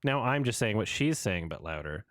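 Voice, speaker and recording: A man's voice: fairly low pitch, sing-song, normal speed, fairly bright tone, dry recording. Sarcastic man riffing, voice jumping around. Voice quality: sarcastic, exasperated. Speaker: streamer reacting to a video. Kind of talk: casual commentary.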